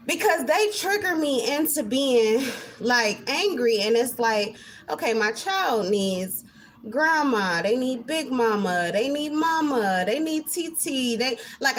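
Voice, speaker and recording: A woman's voice: sits high, slight background noise. A woman giving a spiritual card reading in a casual monologue, emphatic and heavily profane. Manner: emphatic and heavily profane, swinging between intense and laughing.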